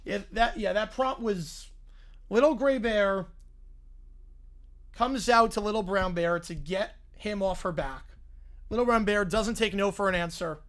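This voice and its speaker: A male streamer reacting casually on a live stream. He talks in a relaxed, mumbling way, often laughing and trailing off. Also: high voice, measured pace, long pauses. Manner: laid-back, laughing, mumbled asides.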